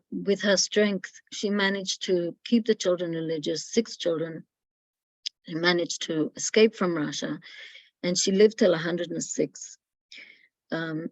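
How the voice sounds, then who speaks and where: Guest speaker, middle-aged woman, low and gravelly, storytelling delivery, acts out quoted voices. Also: dry recording, rough recording. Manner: acts out quoted voices, loud and high when quoting. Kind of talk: storytelling talk.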